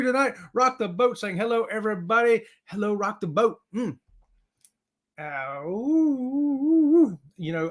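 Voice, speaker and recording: A man's voice: sits high, fairly bright tone. A man hosting a casual livestream, upbeat and greeting viewers in the chat. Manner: upbeat, hypes up viewers, says y'all. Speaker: livestream host.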